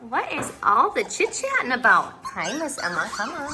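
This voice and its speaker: A woman's voice: on the high side, huge pitch swings, normal speed, loud music behind the voice. An adult woman, a dog breeder, filming her puppies at home on a phone, cooing at them in baby talk. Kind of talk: casual home video narration. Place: indoors at home by a puppy bed. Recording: loud puppy whimpers behind voice. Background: loud puppy whimpering and yips.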